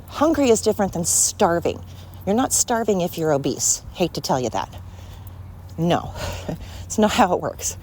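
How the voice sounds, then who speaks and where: A woman's voice: low voice, a little mellow, a little hiss or hum. Angry ranting woman podcaster. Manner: heated, profane, blunt and scolding. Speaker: podcast host. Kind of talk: angry solo podcast rant.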